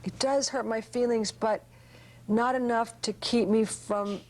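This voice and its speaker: A woman's voice: a little high, fairly even intonation, unhurried, a little mellow, poor audio. Chatty woman in an interview. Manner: chatty, rambling with fillers. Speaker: interviewee, actress. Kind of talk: casual interview.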